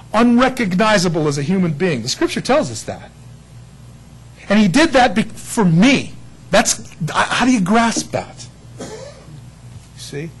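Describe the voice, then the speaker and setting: A man's voice: high voice, husky, low-quality recording. A man preaching a sermon, telling stories with laughter and acted-out quotes. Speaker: pastor.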